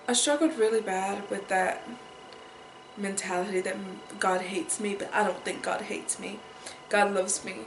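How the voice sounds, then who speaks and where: A woman's voice: medium pitch, fairly even intonation, slow, pauses often, noisy background. Upset young woman vlogging in echoey room. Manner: upset, repeats herself, fighting tears. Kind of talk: emotional personal vlog.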